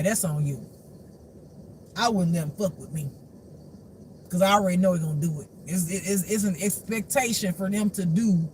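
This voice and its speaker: Spiritual reader, male, high-pitched; animated, profane, laughs a lot while preaching to his audience. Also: slight background noise. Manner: animated, laughs often, swears freely; preachy, addresses the audience directly. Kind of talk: casual spiritual talk.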